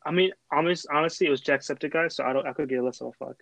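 A man's voice: fairly high pitch, racing, gravelly, a bit bright, no room sound, rough recording. A young man from Texas, hosting a casual chat and telling a long, rambling story full of fillers and restarts. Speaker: host.

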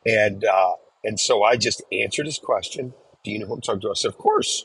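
A middle-aged man hosting a podcast, telling a story in a reflective, measured way and acting out the lines he quotes. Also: on the low side, steady tone, creaky, fairly bright tone, husky, no room sound, rough recording. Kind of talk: casual storytelling.

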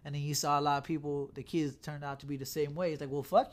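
A laid-back man hosts a loose podcast chat, talking in a fairly high voice. He rambles and swears freely, stringing thoughts together with "like.". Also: steady tone, fast. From South Texas. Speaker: podcast host. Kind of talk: casual chat.

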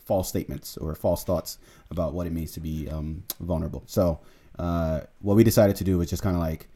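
A man with a very low voice and a lisp leads a relaxed podcast conversation. He speaks easygoing and unhurried, and fillers such as "um" and "you know" run through his talk. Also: slightly rough. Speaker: podcast host. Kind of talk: casual podcast discussion.

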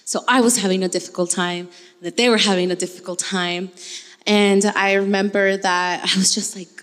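A young adult woman giving a casual personal testimony, animated and telling her story with acted-out dialogue. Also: mid-range voice, normal speed. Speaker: church member sharing testimony. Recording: long hall reverb.

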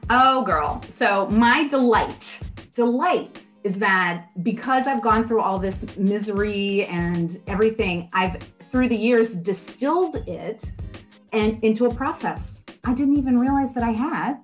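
A middle-aged woman, a life coach, talking as a podcast guest in a lively, expressive way with playful asides. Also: fairly high pitch, a little slow, faint music behind. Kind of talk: podcast interview.

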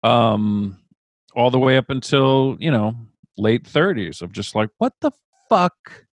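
A man's voice: medium pitch, measured pace, no echo. A man in his forties, a guest in a casual conversation, talking reflectively and openly with casual swearing. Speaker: podcast guest.

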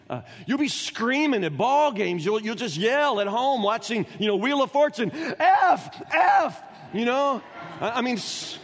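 A pastor preaching a sermon in a church, emphatic and animated, moving between loud outbursts and quiet asides. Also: male voice, high-pitched, slightly rough, big-room sound. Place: church sanctuary.

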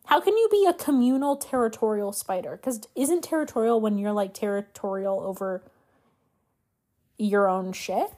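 A woman's voice: medium pitch, normal speed, darkish tone. A young woman hosting a casual solo podcast, ranting with profanity and sarcasm and thinking aloud as she looks things up. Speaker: podcast host.

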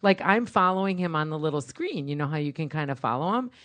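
A woman co-hosting a podcast, telling funny stories in a chatty, animated way. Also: sits low, quick pace. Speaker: podcast co-host. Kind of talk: casual storytelling chat.

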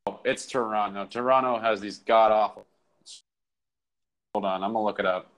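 A man's voice: on the low side, steady tone, normal speed, long pauses, a bit bright. A man co-hosting a podcast in casual chat, loose and profane, riffing through comic bits. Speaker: podcast co-host.

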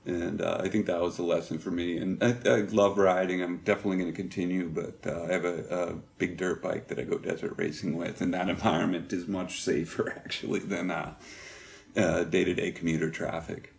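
Middle-aged man, very low voice, gravelly, halting and reflective, interview guest. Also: level tone. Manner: halting and reflective, many pauses and fillers. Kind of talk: candid personal storytelling.

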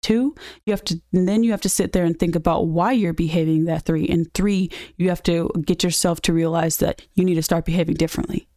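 Young woman, podcast host, blunt, swears a lot, mellow tone, dry recording. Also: lowish voice, fairly even intonation, a little fast, hardly any pauses, no echo. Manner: candid and blunt, swears freely. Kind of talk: casual personal vent.

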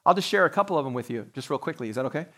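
A man's voice: medium pitch, animated, rapid-fire, pushed and bright. A man preaching a sermon to his congregation as pastor, talking in a conversational way with joking asides. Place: church sanctuary, live-streamed service.

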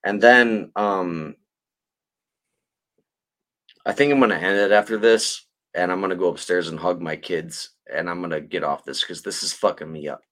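Man, low voice, casual, profane, emotional podcast host. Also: fairly even intonation, brisk, few pauses, a bit bright.

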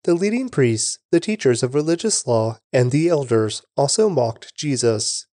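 A man giving a measured, steady scripted reading of scripture. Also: mid-range voice, no echo, clean studio sound. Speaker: Bible reader.

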